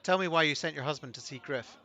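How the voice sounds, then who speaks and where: A man's voice: fairly high pitch, fast, sharp tone, some chatter behind. Man putting on a Russian-accented proud wife. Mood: defiant. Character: foreign tribal wife, defiant woman.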